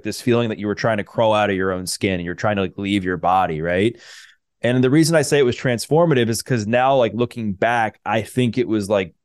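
Man, low voice, dry close sound, earnest storytelling, lots of fillers. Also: smooth, no echo. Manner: earnest, many fillers and restarts. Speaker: podcast guest, personal trainer. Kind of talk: personal storytelling.

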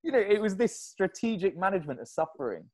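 Animated storytelling man, fairly high voice. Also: fast. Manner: animated, laughs often while telling stories. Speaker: podcast guest, endurance athlete. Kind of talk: casual interview storytelling.

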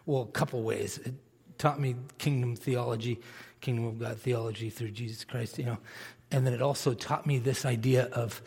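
A man's voice: mid-range voice, moderate pace, vocal fry, slightly rough, long reverb tail. A man preaching a sermon, passionate and emphatic, saying he is fired up rather than angry.

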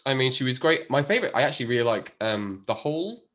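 Lively laughing podcast host. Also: male voice, medium pitch, quick pace. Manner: laughs often, animated, chatty. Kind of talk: casual chat.

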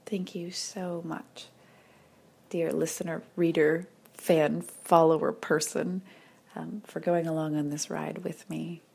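A woman hosting a weekly podcast, speaking softly and intimately in a reflective monologue, at times sinking to a whisper and near tears. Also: low voice, level tone, slow pace, gravelly, husky. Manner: soft, intimate, drops into whispers when moved. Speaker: podcast host.

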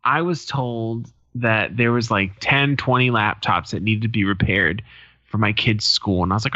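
Bright-toned man telling stories casually. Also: lowish voice, normal speed, no room sound. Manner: profane storytelling, acts out quoted people. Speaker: podcast co-host. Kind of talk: casual chat. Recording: dull lo-fi sound.

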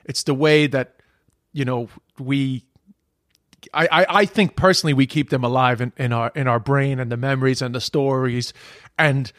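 A man's voice: medium pitch, fairly even intonation, normal speed, fairly bright tone, no room sound, studio quality. A comedian talking casually and reflectively, often stammering as he restarts sentences. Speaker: podcast host, comedian. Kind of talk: casual chat.

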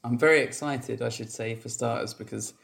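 A man's voice: medium pitch, fairly even intonation, fairly quick, vocal fry, a bit bright. A young adult man from England, a podcast guest joking and rambling in casual chat over a video call. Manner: self-mocking, rambling, playful.

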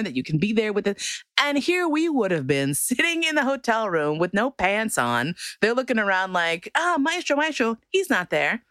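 Woman, casual storytelling, very lively pitch, dry close sound, laughs and swears freely. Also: no room sound. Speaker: performer telling a personal story.

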